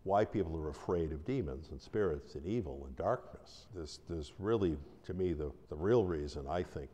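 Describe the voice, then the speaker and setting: A man's voice: low voice, dark tone. A man who is a deliverance minister, giving an informal, conversational teaching talk with restarts and stories. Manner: conversational, rambling, with restarts and acted-out quotes. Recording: long hall reverb.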